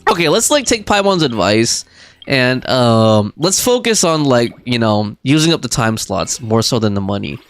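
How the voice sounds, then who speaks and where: A man's voice: medium pitch, big pitch swings, normal speed. A man in his thirties streaming a game, reading viewer chat aloud and bantering with a laugh. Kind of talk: casual live stream chat.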